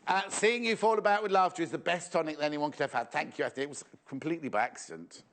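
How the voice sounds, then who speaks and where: A man's voice: fairly high pitch, fast, fairly bright tone. A man presenting a live shopping show in a playful, jokey, chatty way, reading out viewer messages.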